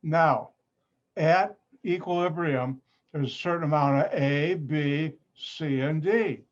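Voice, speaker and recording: A man's voice: on the high side, takes it slowly. A man, a chemistry professor, teaching an online class patiently, repeating points and adding playful asides. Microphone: computer mic on a video call. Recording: muffled lo-fi video call audio.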